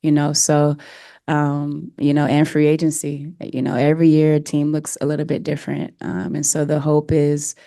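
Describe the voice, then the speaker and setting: A woman's voice: deep voice, completely flat delivery, moderate pace, mellow, dry recording, clean studio sound. A woman head coach answering press questions earnestly and emotionally, with many fillers.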